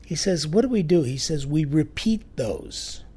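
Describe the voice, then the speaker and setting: A man telling a church story in a sermon, lively and acting out the quoted voices. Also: fairly high pitch, normal speed, slightly rough. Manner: animated storyteller, acts out quotes.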